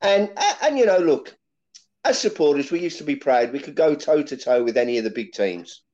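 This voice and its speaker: A man's voice: on the high side, lively intonation, normal speed, warm tone. A man talking as a football fan panelist, rambling with lots of "you know, look" fillers. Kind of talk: fan chat. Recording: dull lo-fi audio.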